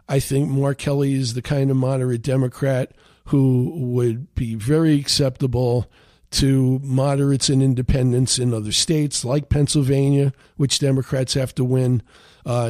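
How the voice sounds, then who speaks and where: A man's voice: mid-range voice, a little mellow, no echo. Chatty male political radio host. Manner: conversational, many fillers and restarts. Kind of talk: political commentary monologue.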